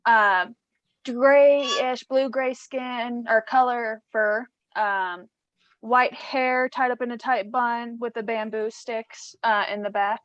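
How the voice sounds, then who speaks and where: Brief: woman tabletop player, higher voice, dry close sound, playful. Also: steady tone, slow, a bit bright, no room sound, highs cut off. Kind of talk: in-character tabletop role-play.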